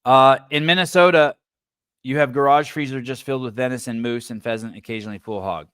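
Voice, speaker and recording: A man's voice: medium pitch, steady tone, fairly quick, a bit bright, clear, resonant tone, no echo. Male podcast host, rambling and foul-mouthed, talking close to a dry mic. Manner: profane, rambling riffs with stammered restarts. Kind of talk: casual livestream commentary.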